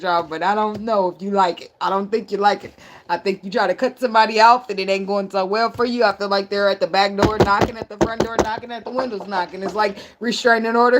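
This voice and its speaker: A woman's voice: mid-range voice, fairly quick. A woman giving a casual tarot reading, blunt and profane, who laughs a lot and riffs in playful asides. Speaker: tarot reader.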